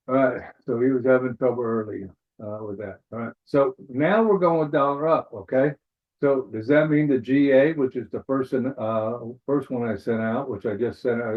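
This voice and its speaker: A man at a middle pitch talks viewers through his trading charts in a live webinar. His manner is loose and casual: he thinks aloud and fills the gaps with "all right." His voice comes through thin and narrow, like a phone line. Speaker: forex trading instructor. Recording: tinny phone-like webinar audio.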